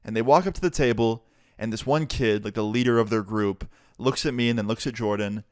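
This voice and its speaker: A young man telling a storytime vlog in a casual, animated way, swearing freely, recorded on a close mic. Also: medium pitch, fairly quick, no room sound. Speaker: vlogger.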